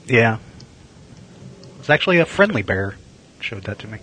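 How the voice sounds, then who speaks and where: A man's voice: on the low side, big pitch swings, moderate pace, bright, forceful tone, a little hiss or hum, poor audio. A man co-hosting a casual podcast, teasing his friend in a dry, wry way and often restarting his sentences. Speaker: podcast co-host. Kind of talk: casual chat.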